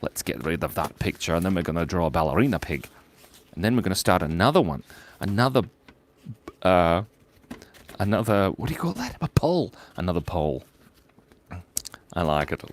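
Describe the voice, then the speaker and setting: A man's voice: deep voice, sing-song, normal speed, long pauses, a little hiss or hum. A man hosting a live drawing stream, joking playfully and narrating each stroke as he draws viewers' ideas. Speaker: livestream drawing host.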